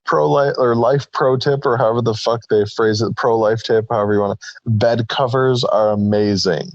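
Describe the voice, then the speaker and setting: A man's voice: medium pitch, steady tone, moderate pace, no echo, muffled recording. A man in his thirties co-hosting a podcast, rambling through crude stories with frequent laughter. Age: 30s. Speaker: podcast co-host. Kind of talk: casual crude chat.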